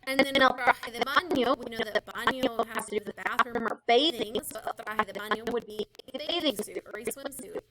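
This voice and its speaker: A woman's voice: a little high, fairly quick, few pauses, a crowd in the background, low-quality recording. A woman teaching a casual recorded vocabulary lesson, chatty and explaining with asides and fillers. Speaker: Spanish teacher.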